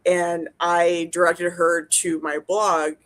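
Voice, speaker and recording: A woman's voice: on the low side, flat delivery, slow pace, fairly bright tone. Blunt, sweary woman in casual chat. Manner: blunt, profane, rambling with many restarts. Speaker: podcast co-host, dental hygienist.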